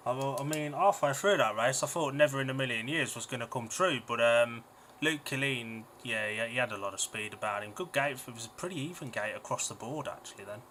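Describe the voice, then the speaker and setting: A young man with a bright, forceful voice talks through a speedway race with blunt, emphatic opinions. He banters quickly with his co-host. A faint hum sits behind him. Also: mid-range voice. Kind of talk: speedway watch-along chat.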